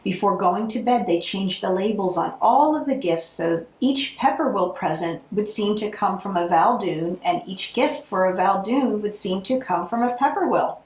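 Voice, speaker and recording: A woman reading a holiday picture book aloud, with expressive narration. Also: mid-range voice, normal speed, hardly any pauses, echoey room, low-quality recording. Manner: expressive, acts out the characters. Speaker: storybook reader.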